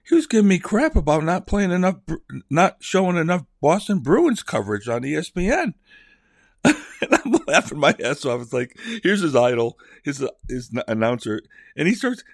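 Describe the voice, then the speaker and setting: A man's voice: mid-range voice, dry recording, studio quality. A middle-aged man telling rambling family stories in a casual way and acting out the voices he quotes. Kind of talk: casual personal storytelling.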